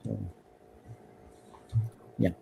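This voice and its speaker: A man's voice: extremely slow, narrow, tinny audio, a little hiss or hum. A man hosting a casual stream chat, telling rambling stories with many restarts.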